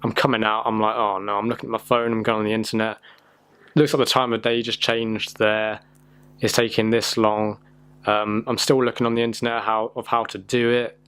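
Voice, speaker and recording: A man's voice: lowish voice, little pitch movement, a little fast, a bit bright, clear, resonant tone, no room sound. Chatty young man, self-deprecating vlogger. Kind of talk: casual vlog narration. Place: in a car and outdoors by a house.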